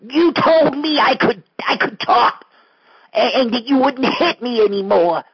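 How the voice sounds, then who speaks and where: A man's voice: very high voice, expressive, unhurried, muffled recording, pitched above the performer's own voice, heavily acted. A man voicing a timid, whiny, put-upon guy who stammers nervously and complains at length. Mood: aggrieved. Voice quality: raspy, gravelly.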